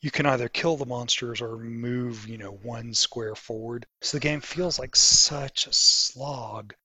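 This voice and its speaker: A man's voice: medium pitch, unhurried, bright, forceful tone, slightly rough, no room sound. A man co-hosting a podcast, explaining things at length in eager, casual chat. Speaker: podcast co-host.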